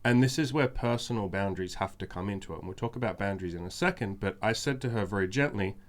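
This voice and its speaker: A man's voice: lowish voice, quick pace. A man hosting a podcast, telling a story in casual chat, frank and emphatic, repeating phrases for effect. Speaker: podcast host.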